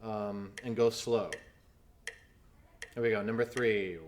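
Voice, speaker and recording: A man's voice: fairly low pitch, little pitch movement, slow pace, heavy background noise. A man teaching snare drum in a video lesson, explaining technique patiently and counting aloud as he demonstrates.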